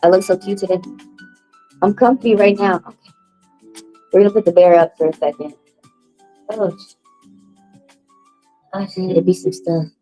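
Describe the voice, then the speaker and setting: A woman hosting a casual livestream card reading, talking loosely and profanely to viewers, her voice leaping up high when she reacts. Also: steady tone, moderate pace, long pauses, dark tone, soft background music, poor audio. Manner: loose, profane, chatty, talks straight to viewers.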